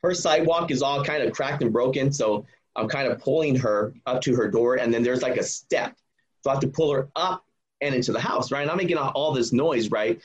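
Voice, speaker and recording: A man's voice: mid-range voice, brisk, husky, muffled recording. A man telling a personal story in a casual way, acting out what each person said. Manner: animated, acts out quoted dialogue.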